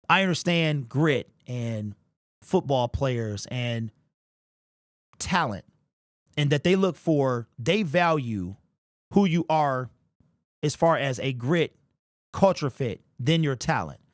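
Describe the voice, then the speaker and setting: A man's voice: mid-range voice, expressive, slow pace, pauses often, no room sound, studio quality. A man hosting a live sports talk stream, passionate and emphatic, visibly emotional as he talks it through. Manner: passionate, emphatic, gets worked up. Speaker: sports show host.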